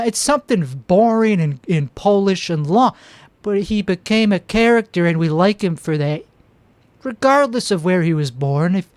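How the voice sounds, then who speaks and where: Two microphones pick up a man's high, slightly mellow voice with no echo. As a comedy show host, he plays a boastful, clueless would-be politician whose rambling monologue keeps tripping over fresh starts.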